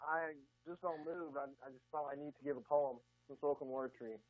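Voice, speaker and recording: A man voicing a bumbling male caller who puts on a Southern drawl, stammering and halting over a phone line. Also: a little high, fairly even intonation, no room sound, lightly acted. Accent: put-on Southern. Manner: stammering, halting, lots of fillers. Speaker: prank caller.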